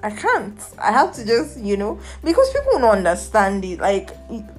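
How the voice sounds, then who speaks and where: A woman's voice: mid-range voice, huge pitch swings, normal speed, faint music behind. A young woman with a Nigerian accent hosting a podcast, ranting candidly and emotionally and dropping in Nigerian slang. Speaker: podcast host. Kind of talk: personal rant podcast.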